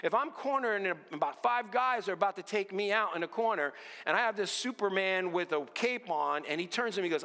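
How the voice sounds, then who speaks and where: A man preaching an earnest sermon, often dropping to a low hush on key lines. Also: fairly quick, long reverb tail. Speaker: pastor.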